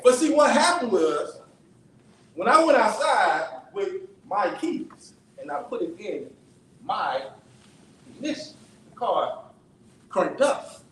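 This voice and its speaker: A man's voice: high-pitched, very animated, slow pace, long pauses, a bit bright, slight background noise. A man giving a conversational, story-driven sermon, checking in with the audience with frequent asides. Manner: conversational, asks the audience "right?" often. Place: church sanctuary. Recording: echoey church from far off.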